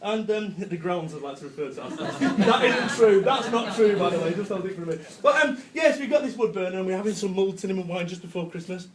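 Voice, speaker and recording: Brash high-voiced Manchester man joking onstage. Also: quick pace, hardly any pauses. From Salford, England. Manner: brash, jokey, swears, laughs often. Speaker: business speaker. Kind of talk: comic motivational talk.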